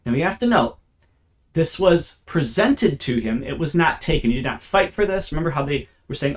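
A man's voice: on the high side, lively intonation, normal speed. Man teaching a Bible lesson. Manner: explanatory, stresses key words.

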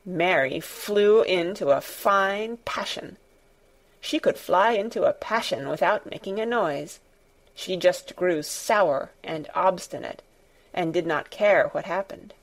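Slow, measured female storybook narrator. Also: on the low side. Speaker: audiobook narrator. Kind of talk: scripted narration.

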